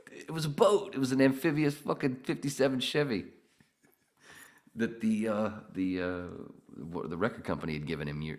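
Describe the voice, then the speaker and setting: A man hosting a podcast, telling long stories in casual chat, swearing and laughing as he goes. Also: fairly low pitch. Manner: swearing, laughing, animated storyteller. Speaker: podcast host.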